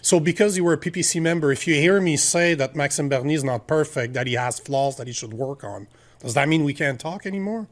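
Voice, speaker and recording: A man's voice: on the high side, brisk. A middle-aged man with a French Canadian accent, a native French speaker, arguing politics in a heated, emphatic way. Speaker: podcast guest. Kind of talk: political talk.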